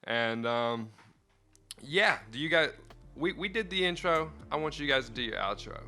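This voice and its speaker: An easygoing man hosts a casual podcast and keeps the talk on track. His voice is middle in pitch with a very bright sound. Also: expressive, moderate pace, soft background music. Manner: easygoing, steers the conversation. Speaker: podcast co-host.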